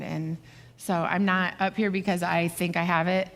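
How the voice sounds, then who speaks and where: A middle-aged woman co-preaching with her husband, telling a personal story in a candid, halting way with many fillers. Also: fairly low pitch, level tone. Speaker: pastor's wife, co-speaker. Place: church auditorium. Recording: reverberant hall.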